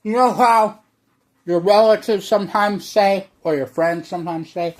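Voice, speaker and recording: A man's voice: high voice, moderate pace. A man delivering a rambling, profane monologue to his viewers, playing up a brash, exaggerated online persona. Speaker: online video creator.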